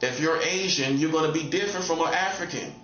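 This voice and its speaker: A man's voice: on the high side, fast talker, fairly bright tone, reverberant, a little hiss or hum. Man, self-styled prophet, repetitive rhetorical monologue; dull lo-fi recording. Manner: repetitive, drives points home with rhetorical questions. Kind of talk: casual preaching monologue.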